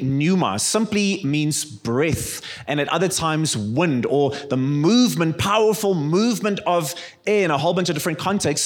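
Husky and sitting high, this South African-accented pastor's voice carries through a church service as he tells stories in a conversational sermon and invites the congregation to respond.

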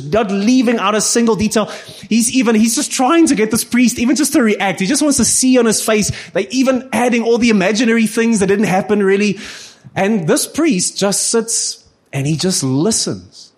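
A man preaching a sermon, telling a story earnestly and addressing his listeners as guys. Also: high-pitched.

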